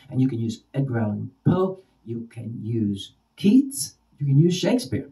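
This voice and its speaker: Mellow-voiced male teacher, slightly distant. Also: mid-range voice, big pitch swings. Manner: repeats example words slowly with varied stress. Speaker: ESL teacher. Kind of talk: spoken lesson for teachers.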